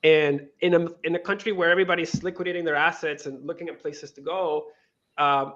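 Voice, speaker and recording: In a lively interview, a guest who co-founded a crypto lending firm tells a story fairly quickly. He's from Venezuela, his voice sits a bit high, and he keeps restarting sentences and acting out dialogue in a casual way, all captured on dull, lo-fi audio.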